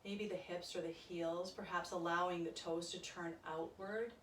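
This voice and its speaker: Calm woman guiding yoga, echoey room. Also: fairly low pitch, normal speed, far from the mic, slight background noise. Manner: calm, soft-spoken cueing. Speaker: yoga instructor. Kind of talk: guided yoga class instruction.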